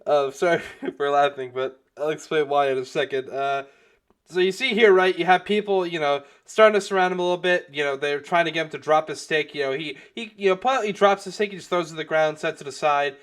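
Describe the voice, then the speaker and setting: A young man with a fairly high voice talks through a video in loose, casual commentary. He rambles, leans on filler phrases, restarts his sentences and swears freely. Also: quick pace, fairly bright tone. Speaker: commentary youtuber.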